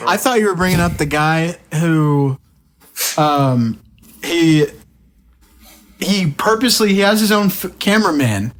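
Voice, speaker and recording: A man's voice: fairly high pitch, measured pace, pauses often. A man hosting a podcast, telling stories in casual chat and acting out the people he quotes. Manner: animated storytelling, acting out quotes. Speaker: podcast host.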